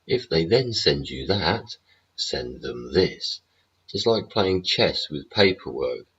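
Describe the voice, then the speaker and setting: Brief: British male stream host, extremely low husky voice, blunt sweary political rant, lo-fi dull audio. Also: very animated, slow pace, fairly bright tone. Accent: British English. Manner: blunt, profane, rhetorical tags. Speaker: livestream host.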